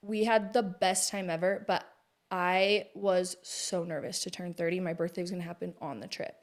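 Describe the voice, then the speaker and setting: A woman's voice: fairly low pitch, fairly even intonation, moderate pace. A woman in her thirties, a guest in a casual conversation, telling personal stories in a chatty way and laughing easily. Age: 30s.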